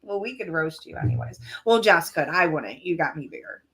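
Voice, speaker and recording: A woman's voice: deep voice, lively intonation, normal speed, a bit bright, a little hiss or hum. A woman co-hosting a podcast in casual chat, telling stories and acting out text messages. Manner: chatty storyteller who acts out texts. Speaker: podcast co-host.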